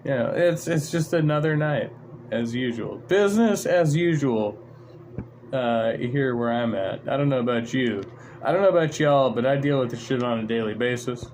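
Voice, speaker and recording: A man's voice: mid-range voice, normal speed, darkish tone, slight background noise. A man hosting a livestream, ranting in an irritated, profane, sarcastic way. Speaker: livestream host. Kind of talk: casual livestream rant.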